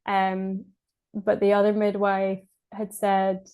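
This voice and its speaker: A woman's voice: mid-range voice, monotone, slow, darkish tone, smooth. A Scottish woman from Scotland, a podcast guest, telling her birth story in casual speech, hesitant with many fillers and restarts and frequent laughs.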